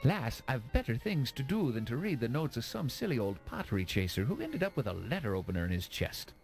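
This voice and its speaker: An actor playing a brusque, dismissive Irish police detective in an adventure game. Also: male voice, medium pitch, big pitch swings, fairly quick, faint music behind. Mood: impatient. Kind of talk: 1990s adventure game voice acting.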